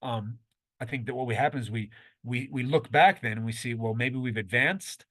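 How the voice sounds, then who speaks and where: A man's voice: mid-range voice, normal speed, a bit bright. Man giving a conversational lecture. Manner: conversational and explanatory, thinking aloud with frequent restarts. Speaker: university professor. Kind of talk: recorded online lecture.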